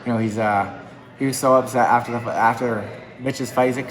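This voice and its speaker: A man's voice: mid-range voice, fairly even intonation, fairly quick, poor audio. A man who coaches MMA, talking casually and upbeat in an interview, with lots of fillers. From New England.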